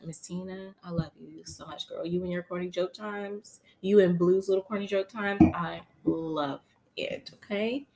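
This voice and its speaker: A woman co-hosting a casual podcast, telling stories in an animated, dramatic way with lots of cursing. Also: lowish voice, moderate pace, vocal fry. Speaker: podcast co-host. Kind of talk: casual chat.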